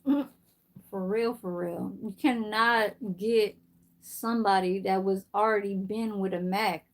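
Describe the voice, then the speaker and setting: A middle-aged livestream host from San Francisco, USA, chats casually on a live stream, rambling through a story and swearing freely. Her medium-pitched voice keeps a steady tone and moves a little slowly.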